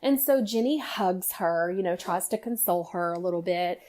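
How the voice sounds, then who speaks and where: A middle-aged woman tells a personal story in casual chat, animated and full of "you know" fillers. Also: on the low side, moderate pace. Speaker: guest storyteller, mother.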